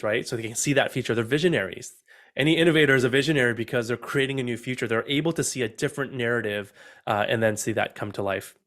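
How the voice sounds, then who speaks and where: A man's voice: mid-range voice, a bit bright. Middle-aged male speaker, upbeat online talk, speaks straight to listeners. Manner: upbeat, addresses listeners directly with questions. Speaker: innovation speaker.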